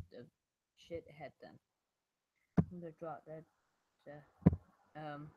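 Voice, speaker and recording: A young woman whose voice is hoarse from being ill, muttering casual, self-mocking commentary as she draws. She talks slowly, and the sound is dry and close with no room around it. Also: sits low, dry recording, poor audio. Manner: self-deprecating, mumbling, swears casually. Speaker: vlogger drawing on stream. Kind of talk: casual solo commentary while drawing.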